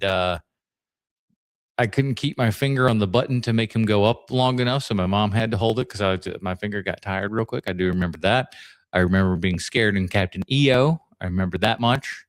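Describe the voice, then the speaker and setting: A man hosting a podcast, chatting casually and telling long rambling stories with fillers and laughs along the way. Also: on the low side. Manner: rambling storyteller, laughs mid-story, many fillers. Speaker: podcast host.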